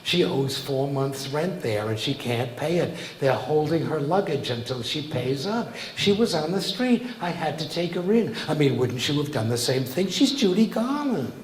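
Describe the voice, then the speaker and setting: A man's voice: on the high side, very animated, normal speed, hardly any pauses. A man putting on a boastful New York barfly with a thick street accent, quoted in an echoey live room with faint room noise. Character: fast-talking nightlife fan, adult man, brash and boastful.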